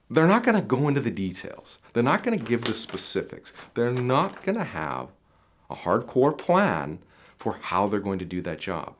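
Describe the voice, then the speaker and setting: A man's voice: lowish voice, huge pitch swings, moderate pace, slight background noise. A man coaching viewers on job interviews in an emphatic, repetitive advice monologue that speaks straight to the listener.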